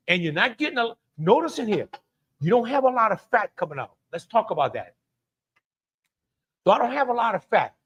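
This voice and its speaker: A man's voice: high-pitched, fairly bright tone. A middle-aged man hosts a live cooking stream in a chatty way, greeting viewers by name and laughing often. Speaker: cooking show host.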